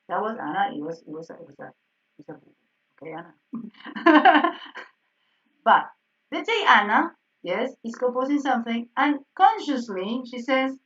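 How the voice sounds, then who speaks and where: A woman's voice: fairly high pitch, a bit bright. A woman teaching a piano harmony class over a video call. She speaks animatedly and keeps checking in with "yes?" while she corrects herself. Her voice sounds distant and dull, as if heard through a laptop. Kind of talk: online class correcting exercises.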